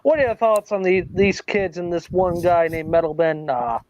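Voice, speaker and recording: A man's voice: high-pitched, normal speed, darkish tone, lo-fi sound, close to an everyday voice. A man doing an impression of an older male wrestling interviewer, asking questions in an announcer style. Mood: announcing.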